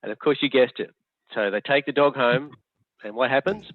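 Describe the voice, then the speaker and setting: Fields: Sex: man. Role: workshop facilitator. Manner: chatty, hesitant, lots of fillers. Pitch: average. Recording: tinny video-call audio, dry. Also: brisk, dry recording. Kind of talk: online workshop teaching. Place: home or office on a video call.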